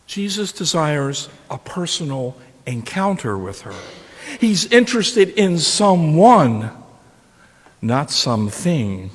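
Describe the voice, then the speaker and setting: A man's voice: sits high, very animated, slow pace. A man preaching a sermon, retelling a story and posing rhetorical questions to his listeners. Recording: long reverb of a large hall.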